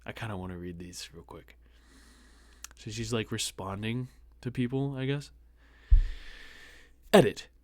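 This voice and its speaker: A man's voice: on the low side, unhurried, pauses often, a little mellow, no room sound. Sarcastic young man reading posts, dry. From United States. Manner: sarcastic, mocking asides. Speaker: host reading online posts. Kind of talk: casual commentary on reading a post.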